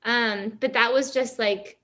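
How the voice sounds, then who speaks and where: A young adult woman, a guest athlete in a casual interview, talking in an animated, chatty way full of fillers. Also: fairly high pitch, takes it slowly.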